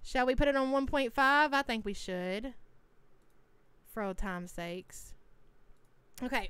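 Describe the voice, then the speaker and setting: Woman streamer, high-ish smooth voice, dry close mic, teasing chatty reactor. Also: expressive, measured pace, long pauses, fairly bright tone, dry recording. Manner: chatty, teasing, reads chat names aloud. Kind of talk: casual live-stream reaction.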